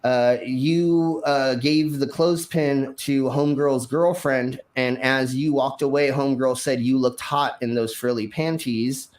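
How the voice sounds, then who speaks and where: In a mid-range, fairly even voice, a male streamer spins a wild story from his past at an unhurried pace with barely any pauses. The telling is casual, profane and rambling, packed with fillers and false starts, and he acts out what he shouted.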